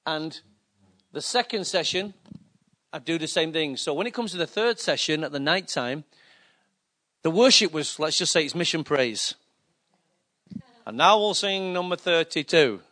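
A man preaching a sermon, telling stories and acting out quotes in a lively anecdotal way. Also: a little high, normal speed, long pauses. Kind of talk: sermon storytelling.

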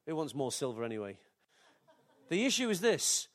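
A man's voice: fairly high pitch, big pitch swings, normal speed, pauses often. An older man, preaching a sermon in a chatty, joking way with asides to the congregation. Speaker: pastor.

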